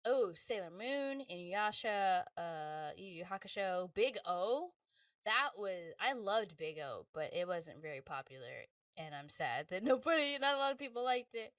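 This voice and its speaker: Animated woman telling stories, slightly distant. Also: mid-range voice, unhurried, no echo. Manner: animated, acts out quoted voices, laughs often. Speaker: voice actress guest. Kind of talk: casual interview storytelling.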